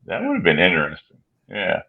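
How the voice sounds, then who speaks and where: A low-pitched man with a bright, husky voice muses through a casual chat. He hedges his points with "I mean." The recording sounds dull and lo-fi. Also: wildly swooping pitch, fairly quick. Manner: musing, hedging with "I mean". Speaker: podcast co-host.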